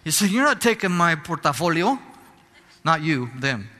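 A man pastor delivers a fervent sermon, climbing to shouts and dropping into Spanish phrases now and then. His voice sits high and bright. It rings out with a long hall reverb behind it. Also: big pitch swings, moderate pace. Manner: fervent preaching, rising to shouts.

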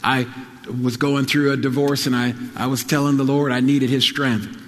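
Pastor, male, mid-pitched, earnest repetitive preaching, long hall reverb. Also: flat delivery, normal speed. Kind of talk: sermon.

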